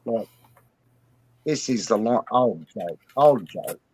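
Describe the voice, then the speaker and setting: A man tells a joke slowly and at ease, his voice rising and falling widely as he drawls through it. The sound is dry and close. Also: mid-range voice, animated, darkish tone, slightly rough, no room sound. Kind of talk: casual joke telling.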